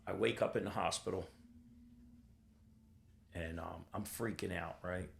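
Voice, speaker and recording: A man's voice: deep voice, a little slow, slight background noise. An older man telling his own story as a podcast guest, blunt and raw, swearing freely and acting out the voices of people in his story. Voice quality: gravelly. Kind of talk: candid personal storytelling.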